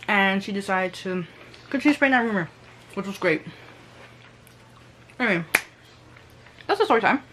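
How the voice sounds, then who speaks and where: Animated young woman vlogging. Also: medium pitch, moderate pace, pauses often, slight background noise. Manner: animated, slangy, reenacts quotes. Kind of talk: storytime vlog.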